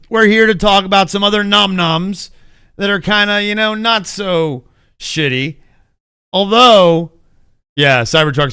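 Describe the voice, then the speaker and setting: An American man in his forties hosts a casual entertainment news chat, rambling, swearing and laughing often. His voice is high and sharp, with a clean tone.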